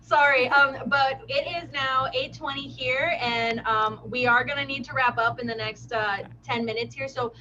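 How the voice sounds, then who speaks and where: Woman moderator, high voice, brisk, dull muffled audio, faint noise. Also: fairly even intonation, bright, forceful tone. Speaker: panel moderator. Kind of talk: wrapping up a panel.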